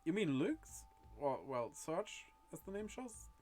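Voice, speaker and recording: A man's voice: fairly high pitch, sing-song, slow, darkish tone. A man streaming a video game, chatting casually and correcting himself as he goes. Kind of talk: casual let's-play chat.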